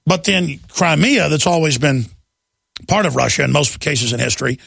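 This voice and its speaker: A man hosting a talk radio show, ranting in a fast, combative way and slipping into mocking impressions. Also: on the high side, expressive, creaky, a bit bright, no room sound. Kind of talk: heated political talk radio monologue.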